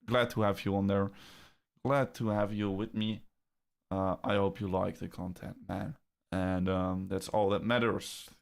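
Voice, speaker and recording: A man's voice: deep voice, steady tone, a little slow, vocal fry. A young man with a Dutch accent hosting a casual crypto livestream, reading chat comments and often restarting his sentences. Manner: chatty, repeats words, restarts sentences.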